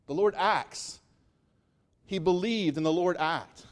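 A man delivering a sermon in a slightly higher voice than most men. He preaches emphatically, climbing to loud, high peaks and then sinking to slow, hushed stresses on key words. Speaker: pastor.

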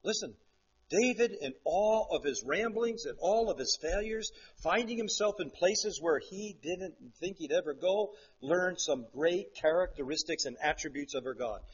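Fervent preacher, hushed then booming. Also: male voice, animated, normal speed, slightly rough, highs cut off. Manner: swings from hushed to loud and fervent. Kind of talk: sermon.

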